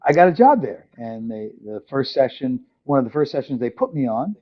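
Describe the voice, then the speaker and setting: Older new york guy rambling thru old stories, lots of uhs, middle pitch, kinda muffled audio. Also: big pitch swings, a little fast. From New York City. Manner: rambling, many fillers, acts out quoted people. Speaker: guest. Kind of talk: casual storytelling interview.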